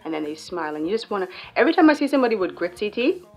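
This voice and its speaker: A woman's voice: medium pitch, very fast, soft background music. A young woman with a Bahamian accent, explaining slang in a playful, joking vlog. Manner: playful, joking, animated storytelling. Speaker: YouTuber.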